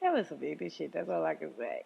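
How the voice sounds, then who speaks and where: A woman hosting her own podcast, ranting in a profane, animated way and often breaking into laughter. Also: sits low, fast talker, gravelly, long reverb tail, lo-fi sound, background noise. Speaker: podcast host. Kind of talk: solo podcast rant.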